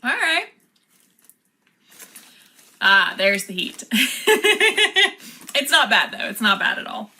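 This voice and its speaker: A woman's voice: a little high, big pitch swings, slow, pauses often, sharp tone. A woman chatting casually as she unboxes and taste-tests snacks, laughing often. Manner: chatty, laughs often, reads product cards aloud. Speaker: vlogger.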